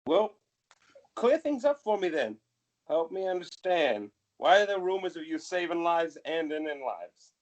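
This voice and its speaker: A man doing a wary city guard interrogating a suspect during a tabletop game, probing and coaxing, with a formal "sir". His voice sits fairly high and moves lively. He presses steadily with questions. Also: a little slow, dull audio.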